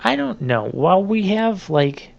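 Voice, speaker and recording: A man's voice: high-pitched, big pitch swings, a little slow, gravelly. A man hosting a let's play, giving rambling, chatty gameplay commentary full of fillers. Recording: slightly muffled lo-fi mic.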